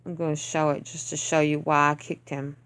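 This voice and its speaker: A woman's voice: low-pitched, level tone, brisk, fairly bright tone, clear, resonant tone. Blunt, ranting woman reviewing game attacks. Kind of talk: casual gameplay commentary.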